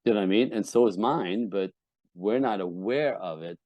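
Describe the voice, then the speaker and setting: A man with a lowish, mellow voice at normal speed appears as a relationship coach guest on a candid podcast. He speaks bluntly and emphatically, swears often, and acts out the voices of wives and husbands he quotes. The recording is dry and lo-fi.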